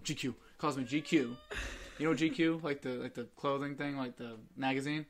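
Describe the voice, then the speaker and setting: A man's voice: medium pitch, fairly even intonation, a little fast. A young man hosting a podcast, chatting casually and rambling through stories while acting out his friends' lines. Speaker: podcast host. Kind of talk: casual chat.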